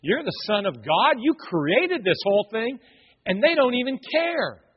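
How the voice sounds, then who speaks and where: A man preaching a sermon as a pastor, dramatic and animated, acting out quoted voices. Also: extremely high pitch, measured pace, husky. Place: church sanctuary. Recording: muffled, long hall reverb.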